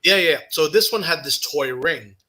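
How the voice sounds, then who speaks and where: A man with a strikingly bright, fairly high voice tells an anecdote in a casual conversation. He talks in an animated way, often breaking into laughter. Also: normal speed, low-quality recording. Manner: animated, laughing while telling stories. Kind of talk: casual storytelling chat. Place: live studio conversation.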